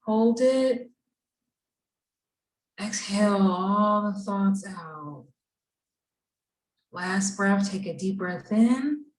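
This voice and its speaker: A woman leading a gentle guided breathing and mindfulness exercise for a group of children at a camp. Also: medium pitch. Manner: slow, gentle, soothing guidance. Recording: echoey room, voice from far off.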